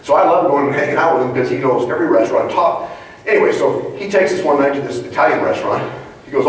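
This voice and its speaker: Motivational trainer, male, storyteller with quick rhetorical jabs, recorded from a distance in a big room. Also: a little high, slight background noise. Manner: animated storyteller, punchy rhetorical questions. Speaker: leadership trainer. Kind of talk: motivational speech to a live audience. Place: large conference hall. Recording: echoey hall, mic far off.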